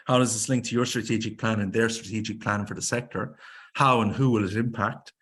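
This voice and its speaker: A man's voice: fairly low pitch, fairly even intonation, a bit bright, husky. Emphatic Irish man presenting a webinar. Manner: brisk, emphatic, rhetorical questions. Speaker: grants presenter.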